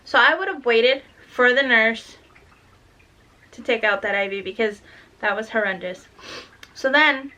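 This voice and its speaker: A woman's voice: fairly high pitch, measured pace, pauses often, sharp tone, lo-fi sound. A woman, a mother, telling a rambling, cursing story in a casual vlog, still tired and lightheaded. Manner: rambling, swears, acts out dialogue. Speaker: mother vlogging about her daughter.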